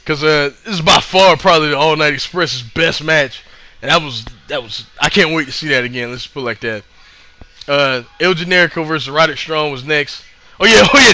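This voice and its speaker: A man casually recapping a live show he attended, rambling and excitable with lots of fillers. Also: fairly high pitch, moderate pace.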